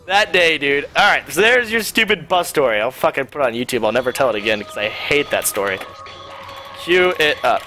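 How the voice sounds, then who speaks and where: A man's voice: a little high, expressive, brisk, sharp tone, faint music behind. A young man streamer telling a rambling, profane story in casual chat, full of fillers.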